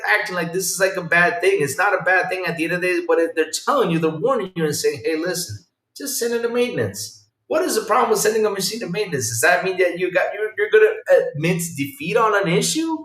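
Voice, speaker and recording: A man's voice: high-pitched, quick pace, few pauses, bright, forceful tone, echoey room. A man hosting a gaming podcast, chatting casually and reacting to live chat, laughing often and repeating himself.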